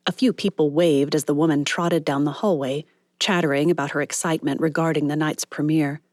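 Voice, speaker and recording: A woman reading a novel aloud as audiobook narrator, in measured storytelling narration. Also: sits low, fairly even intonation, a little mellow, dry recording, clean studio sound. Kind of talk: scripted narration.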